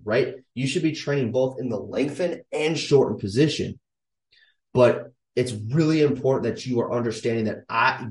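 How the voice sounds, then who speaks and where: A man in his thirties gives an emphatic, casual fitness lesson, hammering home his points by saying them twice. His voice is a middle pitch for a man. It reaches the mic from a few steps away, in a roomy, echoing space. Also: a little mellow. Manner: emphatic, coaching, repeats key points. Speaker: fitness coach. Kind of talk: casual instructional talk to camera. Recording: echoey room, voice from a distance.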